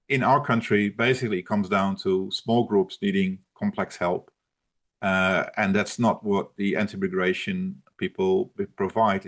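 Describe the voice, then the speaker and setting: A man fields questions over a video call, his voice sitting on the low side. He talks in a halting way, restarting sentences and leaning on fillers as he works through his points. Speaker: presenter. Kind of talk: live online talk Q&A.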